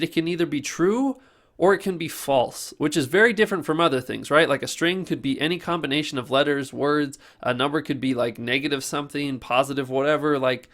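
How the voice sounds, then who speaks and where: Chatty young man teaching code. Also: fairly high pitch. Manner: loose and chatty, heavy with fillers like "like" and "you know". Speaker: programming instructor. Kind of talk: casual screen-recorded coding lesson.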